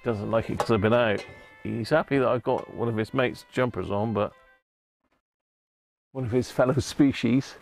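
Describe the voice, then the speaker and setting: A man's voice: mid-range voice, normal speed, gravelly, pauses often, faint music behind. A man hosting a casual livestream, chatting with viewers and greeting them by name, laughing often. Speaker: livestream host. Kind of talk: casual live chat with viewers.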